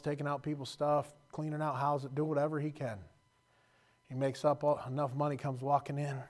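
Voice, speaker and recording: Man preaching an emotional sermon. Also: mid-range voice. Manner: emotional storytelling, swinging from loud to hushed.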